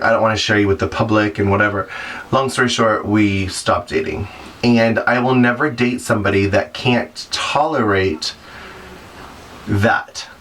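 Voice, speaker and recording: A man's voice: medium pitch, a bit bright, far from the mic, slight background noise. A man who performs in drag, giving advice in a vlog and telling stories with sassy asides. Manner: chatty storytelling, sassy asides. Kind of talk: advice vlog talking to camera.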